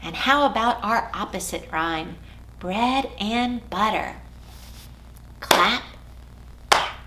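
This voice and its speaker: A woman children's librarian leading a storytime for young children, talking in an expressive, sing-song way. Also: medium pitch, slight background noise. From United States. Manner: sing-song, expressive, slow and clear for toddlers. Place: library or home room.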